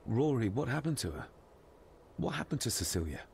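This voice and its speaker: A man's voice: mid-range voice, big pitch swings, brisk, gravelly, a little mellow, slight background noise. A man playing a polite, inquisitive young man asking about his late aunt. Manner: courteous, inquisitive. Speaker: game protagonist.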